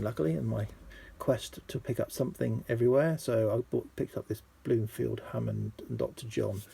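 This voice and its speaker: A man's voice: warm tone, a little hiss or hum. A man chatting casually about his record finds, hesitant, with lots of ums and restarts. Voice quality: low gravelly husky voice. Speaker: vinyl collector vlogger. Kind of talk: casual rambling show-and-tell.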